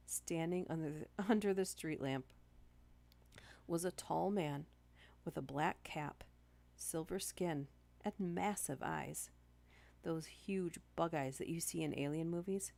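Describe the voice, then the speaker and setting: Low-voiced Canadian woman reading stories. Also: gravelly, a little mellow. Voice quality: nasal. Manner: reads aloud with chatty asides and small stumbles. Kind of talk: casual story reading on a live stream.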